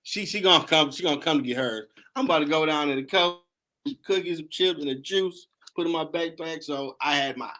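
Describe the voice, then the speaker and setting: A man hosting a casual chat, telling animated, laughing stories in slangy talk. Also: a little high, a little fast. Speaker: host.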